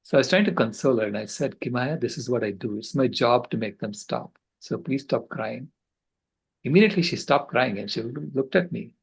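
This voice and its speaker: An older man on a video call, giving a passionate, earnest storytelling talk with halting restarts. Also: mid-range voice, lively intonation, gravelly, breathy edge, poor audio. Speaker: conference speaker.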